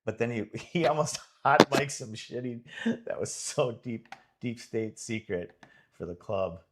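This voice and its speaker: A man's voice: mid-range voice, animated, a little slow, a little hiss or hum. A man coaching and commentating a pool match live from his club, enthusiastic and rambling with many restarts.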